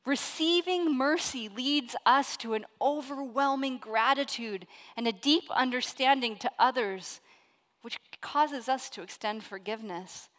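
A woman preacher delivers a sermon with earnest storytelling, moving from loud emphasis to hushed asides. Her voice sits high. It rings with the long reverb of a large hall. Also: a little slow. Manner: earnest storytelling, swings between loud stress and quiet asides.

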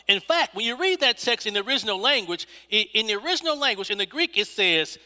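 A man's voice: sits high, expressive, brisk, few pauses, sharp tone, big-room sound. A man preaching a sermon in a rhythmic, repetitive cadence from a church.

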